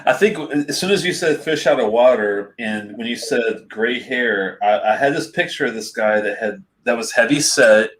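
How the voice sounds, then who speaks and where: A man's voice: medium pitch, moderate pace, hardly any pauses, fairly bright tone, slight background noise, low-quality recording. A man co-hosting a casual whisky chat, easygoing and conversational. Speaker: whisky podcast co-host.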